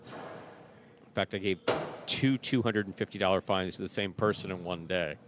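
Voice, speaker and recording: Middle-aged male jai alai announcer, low-pitched, chatty, corrects himself as he goes. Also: normal speed, noisy background. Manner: chatty, explanatory, self-correcting. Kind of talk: broadcast commentary and chat.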